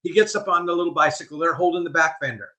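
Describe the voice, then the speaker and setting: An older man, a guest on a podcast interview, telling stories in an animated, vivid way. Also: a little high, rapid-fire. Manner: animated storyteller, vivid delivery. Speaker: guest speaker.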